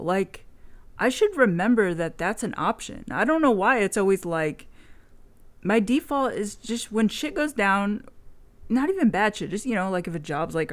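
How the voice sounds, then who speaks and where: A woman's voice: medium pitch, animated, moderate pace. A woman video blogger in casual chat, telling a rambling story frankly and swearing freely.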